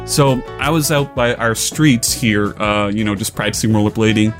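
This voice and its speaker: A young man casually telling a funny personal story, laughing often and acting out his own yelling. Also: on the low side, moderate pace, soft background music.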